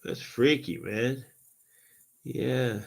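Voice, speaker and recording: A man telling an excited, rambling story in casual speech, full of swearing, with "right?" and "okay?" tacked onto nearly every line. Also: mid-range voice, drawn-out words, creaky, low-quality recording. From Southern Ontario, Canada.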